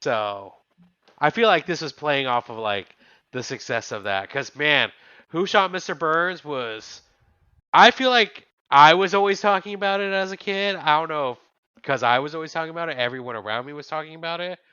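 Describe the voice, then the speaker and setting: A young man co-hosting a podcast in casual chat, musing and reminiscing in a relaxed, hedging way. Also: a little high, moderate pace, smooth, no echo, lo-fi sound. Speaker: podcast co-host.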